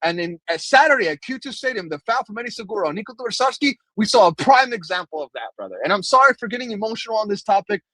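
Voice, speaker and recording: Fired-up high-voiced man on a podcast. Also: big pitch swings, quick pace, hardly any pauses, a bit bright, no room sound, poor audio. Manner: fired-up, emphatic, calls listeners brother. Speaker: podcast co-host. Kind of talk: passionate soccer podcast commentary.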